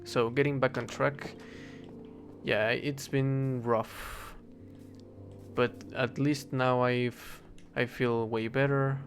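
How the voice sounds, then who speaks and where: Young man, mid-pitched, rambling chat over a game with faint music under it, stops and restarts a lot. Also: level tone, slow. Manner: rambling, hesitant, self-correcting, swears casually. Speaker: English teacher. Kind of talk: casual rambling talk while gaming.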